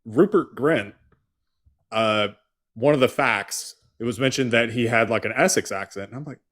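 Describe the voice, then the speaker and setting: A man's voice: mid-range voice, normal speed, fairly bright tone. A man hosting a casual call-in live stream, telling rambling stories full of fillers. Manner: rambling storyteller, many fillers. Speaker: host.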